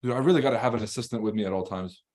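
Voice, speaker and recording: Blunt, profane male trading streamer. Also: lowish voice. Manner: fast, rambling and animated when ranting. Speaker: livestream trading host. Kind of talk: casual live-stream commentary reading chat.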